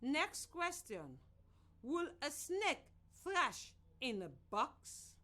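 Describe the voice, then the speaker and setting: A woman from Sierra Leone teaching a children's reading lesson on the radio in a slow, clear, sing-song voice. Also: high voice, very animated, bright, forceful tone.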